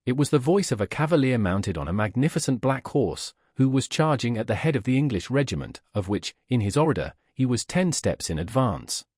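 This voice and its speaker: Man, audiobook narrator, husky voice, animated pitch, dry close sound. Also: fairly quick, hardly any pauses, dry recording. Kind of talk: scripted narration of a classic novel.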